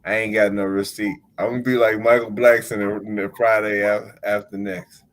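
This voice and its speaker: A man's voice: lowish voice, moderate pace, low-quality recording. A man in his forties, hosting a podcast and telling stories in casual chat, laughing often and acting out the people he talks to. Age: 40s. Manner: animated storytelling, laughs often, acts out callers. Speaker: podcast host.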